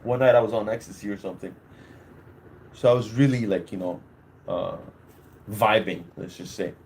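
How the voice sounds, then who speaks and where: A man's voice: lowish voice, moderate pace, vocal fry, darkish tone, slight background noise. A young man hosting a podcast on his own, talking casually and crudely in a rambling way and laughing at his own stories. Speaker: podcast host. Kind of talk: casual solo podcast talk.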